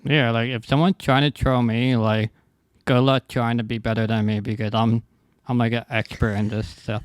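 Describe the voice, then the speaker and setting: A man hosts a podcast in easy conversation, tossing out cocky jokes. His voice is smooth and clear. The recording is dry and close. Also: medium pitch, flat delivery, normal speed, no room sound. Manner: joking, boastful banter. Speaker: podcast host. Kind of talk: casual conversation.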